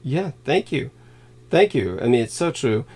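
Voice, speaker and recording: Slow, halting man hosting a livestream. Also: mid-range voice, sing-song, darkish tone, slightly rough. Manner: halting, filler-heavy, reads donor thanks aloud; given to sudden laughs and swearing. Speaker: livestream host. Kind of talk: rambling livestream monologue.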